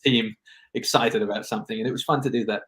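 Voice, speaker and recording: A man's voice: mid-range voice, fairly even intonation, fast, a bit bright. A man speaking as a film director guest in a casual interview, reflective and rambling, often restarting his sentences.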